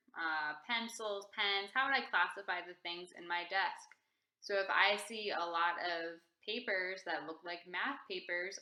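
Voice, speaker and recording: A woman's voice: medium pitch, pushed and bright. A woman teacher giving a reading lesson to young children, patient and asking questions as she explains. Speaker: first grade teacher. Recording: echoey room.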